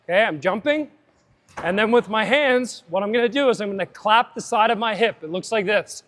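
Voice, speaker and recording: A man's voice: high voice, a little fast, a bit bright. A man coaching a live fitness seminar, upbeat and chatty, drifting into side tangents.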